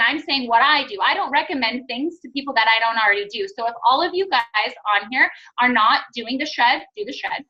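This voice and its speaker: A woman with a high, bright, forceful voice coaches her sales team over a conference call. She talks with upbeat enthusiasm and acts out little sales dialogues. The sound is muffled and lo-fi. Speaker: network marketing team trainer.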